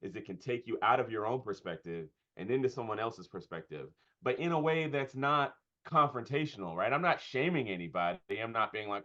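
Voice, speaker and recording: A pastor and comedian speaking in a conversational interview, thoughtful and often pausing with fillers and restarts. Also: male voice, medium pitch, animated, a bit bright. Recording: dull lo-fi sound.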